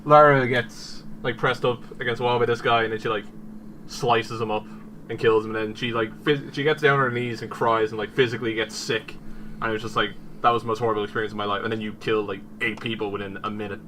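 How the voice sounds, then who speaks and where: Fast-talking bright-voiced man. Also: fairly low pitch, slight background noise, low-quality recording. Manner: fast, animated, full of likes. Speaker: podcast co-host. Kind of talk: casual gaming chat.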